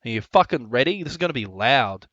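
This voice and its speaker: A man's voice: medium pitch, sing-song, fast talker, a bit bright, muffled recording, a little hiss or hum. A man casually commentating his own flight video on a live stream, joking, swearing and rambling with lots of fillers.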